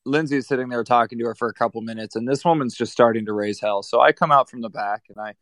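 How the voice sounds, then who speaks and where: A man at an ordinary pitch recounts a run-in at his piercing studio in a blunt, swearing, animated way. The sound is dry and close, with no room around it. He talks like he is chatting across a table. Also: fast, no room sound. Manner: blunt, profane, animated anecdote-telling. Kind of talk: casual storytelling.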